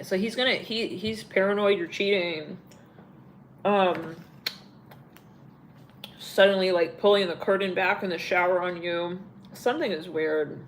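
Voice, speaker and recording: A woman's voice: fairly low pitch, a little slow, long pauses, slight background noise. A young woman doing a casual live tarot reading, rambling and blunt, full of filler words and swearing. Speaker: tarot reader.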